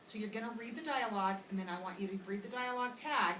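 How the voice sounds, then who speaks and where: A woman's voice: a little high, quick pace. A woman teacher explains a reading lesson to young students in a patient, explanatory way, now and then acting out a line to show how it should sound. She is heard from a distance in an echoey classroom. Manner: patient, explanatory, models voices for children. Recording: echoey classroom from far off with loud noise.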